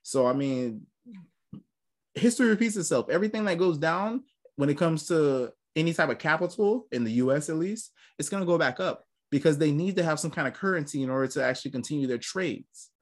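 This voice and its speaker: A man's voice: on the high side, expressive, brisk. A young man hosting a podcast, talking in casual chat with a profane, rambling way of storytelling. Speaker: podcast host.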